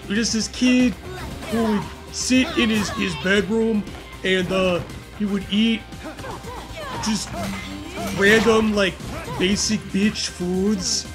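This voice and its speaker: Young man, high voice, rambling crude storyteller, casual gaming chat, music underneath. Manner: rambling, halting storytelling with crude jokes and laughter. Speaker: gaming co-host. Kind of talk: casual chat over gameplay. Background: game music.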